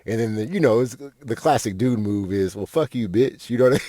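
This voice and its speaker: A man's voice: on the low side, fast, warm tone, no room sound. A young man, a podcast host telling a rambling, profane story with lots of fillers. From Fort Worth, Texas. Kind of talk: casual storytelling monologue.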